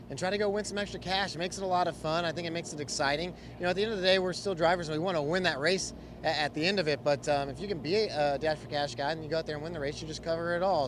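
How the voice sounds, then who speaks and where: A man from California, a race car driver, answering interview questions in an easygoing, rambling way. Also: a little high. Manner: easygoing, rambling, many fillers. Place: outdoor race garage. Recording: noisy outdoor garage recording.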